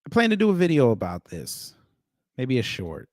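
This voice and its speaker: A man's voice: mid-range voice, huge pitch swings, normal speed, a little mellow, dry recording, clean studio sound. A man hosting a livestream, giving casual reaction commentary and repeating short phrases. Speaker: livestream host.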